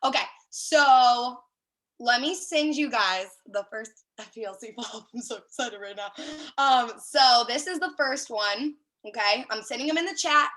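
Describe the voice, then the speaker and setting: A woman talks through a team sales training on a video call, bubbly and full of asides. Her voice sits fairly high, bright and forceful. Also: moderate pace, low-quality recording. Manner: chatty and excited, many fillers and asides.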